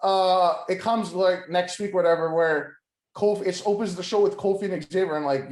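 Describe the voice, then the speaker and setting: Rambling, high-voiced man in an echoey room. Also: steady tone, normal speed, darkish tone. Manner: rambling, full of "like" and restarts, acts out quotes, swears. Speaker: podcast co-host. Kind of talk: casual wrestling podcast chat.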